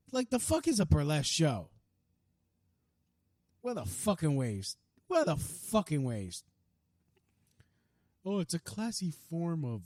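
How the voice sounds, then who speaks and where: A man's voice: sits high, darkish tone, no room sound, clean studio sound. A young man hosting a podcast, delivering a heated, profane ranting monologue full of restarts. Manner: heated, profane, fast-talking with many restarts. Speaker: podcast host.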